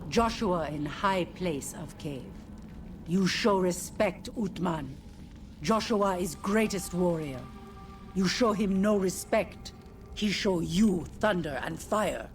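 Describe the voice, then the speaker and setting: Stern tribal guide. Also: male voice, high voice, slow, faint music behind. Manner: broken, clipped English. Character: tribal male guide, blunt broken speech. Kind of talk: video game dialogue.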